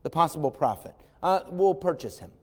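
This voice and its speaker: A man preaching a sermon as an animated storyteller who acts out voices and adds wry asides, recorded in a church sanctuary. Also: a little high, brisk. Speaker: pastor. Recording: long hall reverb.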